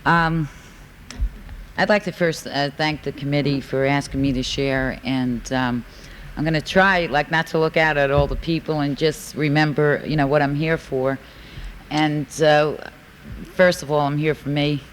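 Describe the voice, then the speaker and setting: A woman's voice: low-pitched, steady tone, unhurried, low-quality recording. A woman speaking to a convention crowd, rambling and heartfelt, full of fillers. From New York. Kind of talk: recovery share at a convention. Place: large convention hall. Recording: faint hiss from a 1980s tape.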